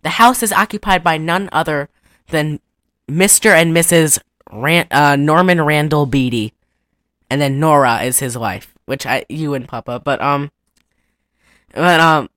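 Woman co-host, casual giggly recap with impressions, lowish bright voice. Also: no echo, clean studio sound. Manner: giggly, animated retelling with quick voice impressions. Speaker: podcast co-host recapping a cartoon. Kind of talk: casual chat.

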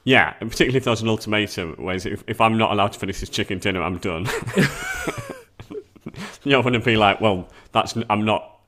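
A man's voice: fairly low pitch, quick pace, pushed and bright. A man co-hosting a comedy podcast, riffing wryly on jokes with trailing restarts. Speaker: podcast co-host. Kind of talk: casual comedic banter.

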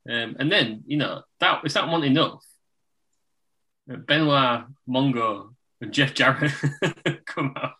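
A man talks wrestling in a relaxed, rambling way. His voice has a bright, forward edge, and he breaks into laughter often. His pitch sits in the middle range for a man. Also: takes it slowly. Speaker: podcast co-host. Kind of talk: casual wrestling chat.

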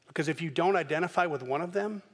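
A man preaching a sermon as pastor, telling the story in a lively way and acting out the characters' voices. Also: on the high side, fast, in a large hall.

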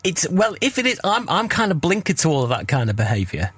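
Husky, lively-voiced man hosting a podcast. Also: fairly high pitch, fast. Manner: chatty, stammering restarts, jokey. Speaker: podcast co-host and radio presenter. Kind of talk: casual podcast chat.

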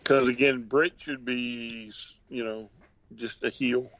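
A man co-hosting a casual wrestling podcast, giving measured, knowing opinions. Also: medium pitch, steady tone, fairly bright tone, no room sound, lo-fi sound. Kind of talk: casual chat.

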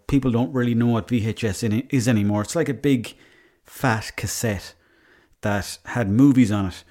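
A man's voice: mid-range voice, darkish tone. Irish male podcast host, mid-range voice, rambling self-mocking storyteller, swears casually.

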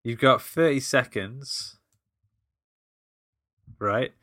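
A man's voice: medium pitch, very slow, a bit bright, dry recording, clean studio sound. A man co-hosting a casual podcast, running a playful movie-quote quiz and laughing often. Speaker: podcast co-host. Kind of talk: casual chat, quiz game.

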